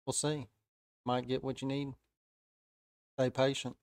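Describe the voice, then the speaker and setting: Easygoing Southern-accented male stream host, mid-pitched, smooth and dry, casual market chatter. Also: little pitch movement, unhurried, dry recording. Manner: easygoing, chatty, frequent "uh" fillers. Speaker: day-trading live-stream host.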